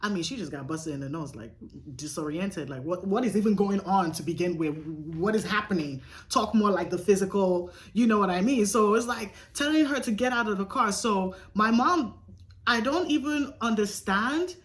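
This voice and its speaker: Animated young woman telling a story. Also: mid-range voice, normal speed. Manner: animated, profane, emphatic retelling. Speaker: storyteller vlogger. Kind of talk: casual storytime.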